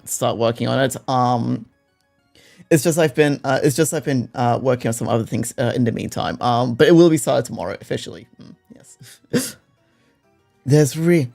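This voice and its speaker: Game streamer, casual commentary, foul-mouthed rants, laughing between lines, mid-pitched voice, faint music underneath. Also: vocal fry, darkish tone. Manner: heated and profane, quick to rant at characters. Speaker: streamer playing a detective game. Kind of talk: casual gameplay commentary, reading game text aloud. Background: faint background music.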